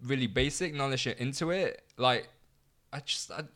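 A young man chatting casually with a friend, his speech loose and rambling, full of restarts and quick laughs. His voice sits at an ordinary middle pitch for a man. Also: fairly bright tone. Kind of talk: casual chat.

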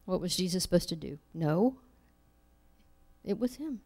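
A woman teaching from scripture in a slow, deliberate delivery. Her voice sits on the lower side, and she brings the quoted lines to life with animated emphasis. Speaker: Bible teacher. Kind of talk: Bible teaching.

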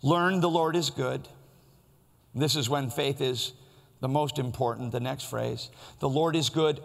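A man's voice: mid-range voice, unhurried, vocal fry, in a large hall. A man preaching a sermon in a church, in a conversational, storytelling way. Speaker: pastor.

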